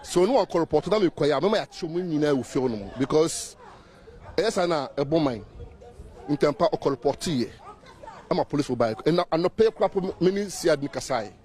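A man with a slightly raised voice recounts what happened, slow and deliberate. A faint crowd murmurs behind him. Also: on the high side, expressive, darkish tone. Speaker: neighbor interviewee. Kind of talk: interview account in Twi and English.

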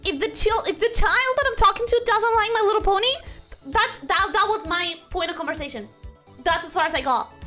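A young woman streaming while she draws, chatting casually and rambling, often cutting herself off mid-sentence. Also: very high-pitched. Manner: rambling, self-interrupting, animated. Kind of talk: casual chat while drawing.

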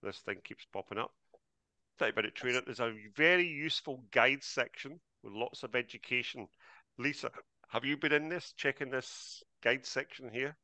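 A man's voice: medium pitch, moderate pace, pushed and bright, no echo. A man hosting a live online trading class over a video call, chatty and greeting each attendee by name.

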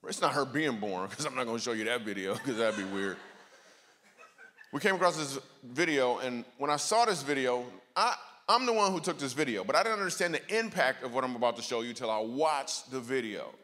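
A man with a bright, forceful voice delivers a sermon full of jokes and stories. He talks to the crowd in quick, playful asides. His voice carries a long reverb from a church hall. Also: mid-range voice, expressive. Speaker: guest speaker. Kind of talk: comedic sermon. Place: church auditorium.

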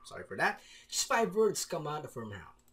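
A man's voice: a little high, big pitch swings, moderate pace, a bit bright. Playful man reading a visual novel aloud. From Philippines. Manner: playful, reads dialogue aloud with jokey asides. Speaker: gamer playing a visual novel. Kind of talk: let's play commentary and narration.

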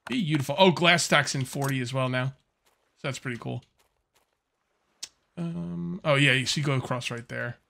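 A man's voice: mid-range voice, moderate pace, vocal fry, long pauses, bright, forceful tone. A man casually commenting on his survival-game session as he plays, rambling and easygoing with lots of fillers. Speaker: gameplay commentator. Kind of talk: casual let's-play commentary.

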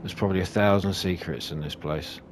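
A man commentating his own gameplay, swearing and shouting at enemies as he plays. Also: low-pitched, brisk. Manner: sweary, excitable, talks to enemies. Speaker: gaming YouTuber. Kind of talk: let's play commentary. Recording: game music behind voice.

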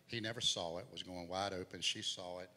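A man's voice: sits low, steady tone, a little fast, bright, forceful tone. A middle-aged man preaching a testimony in a church, his voice swelling and dropping as he tells the story. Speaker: guest preacher. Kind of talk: sermon testimony. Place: church sanctuary. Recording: hall reverb, faint noise.

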